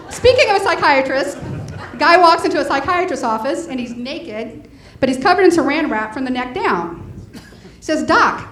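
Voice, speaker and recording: Brash, high-pitched middle-aged woman comic doing a bawdy club set, echoey room. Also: a bit bright, far from the mic. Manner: bawdy, brash punchline delivery. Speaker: stand-up comedian. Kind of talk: stand-up comedy set. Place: comedy club stage. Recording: echoey club with faint noise.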